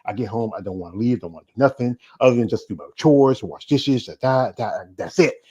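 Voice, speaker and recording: Host: man, 40s, from North Carolina, rambling and repetitive, mid pitch, lo-fi recording. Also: fairly quick, darkish tone, slightly rough. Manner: rambling, repeats words, plays with accents. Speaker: interview host. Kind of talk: casual interview chat. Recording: dull lo-fi sound.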